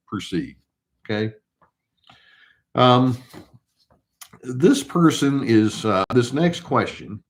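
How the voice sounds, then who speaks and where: An older male therapist giving casual advice, calm and unhurried, who poses rhetorical questions and answers them himself. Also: sits low. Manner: acts out short quoted replies in a mock tone.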